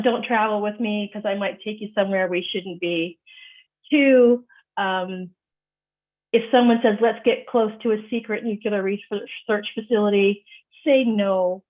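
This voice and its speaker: A woman storyteller telling a personal anecdote to an audience, lively and acting out the voices of her family. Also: mid-range voice. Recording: tinny phone-like video call audio.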